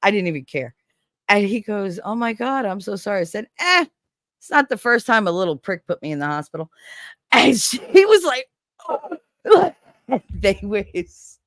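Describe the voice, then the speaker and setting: Recorded with studio quality and no room sound, this woman speaks at medium pitch and a moderate pace, pausing often. As a stream co-host in casual storytelling chat, she's animated, laughs a lot, swears freely, and imitates the voices of those she quotes.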